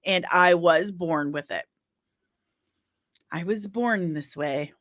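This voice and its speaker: A woman with a slightly low voice chats casually on a livestream. She rambles openly, laughs often and breaks off to apologize. The sound is dry and close, with no room echo. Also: slow, fairly bright tone. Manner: rambling, candid, with frequent laughs; apologetic asides.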